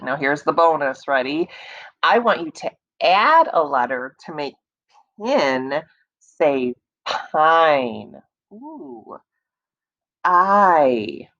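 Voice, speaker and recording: In a slow, encouraging early reading lesson, a woman teacher repeats words and stretches sounds for young children. She speaks in a deep voice with a fairly bright tone, and the audio sounds dull.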